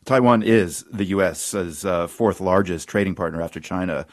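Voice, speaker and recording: A male radio host with a notably deep voice poses composed, scripted questions. His delivery is crisp and even. The sound is close and dry. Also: normal speed, no echo.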